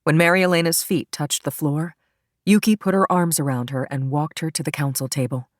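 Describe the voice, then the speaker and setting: A woman narrates a crime thriller audiobook in an even, steady way. Her voice is very low, and the recording is dry and close, with no room around it. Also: a little fast, no echo. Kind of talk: scripted narration.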